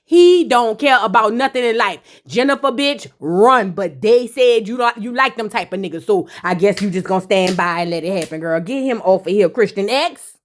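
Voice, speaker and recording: A woman's voice: mid-range voice, animated, moderate pace. A woman giving a sassy, brash, profane recap of a reality show in casual commentary.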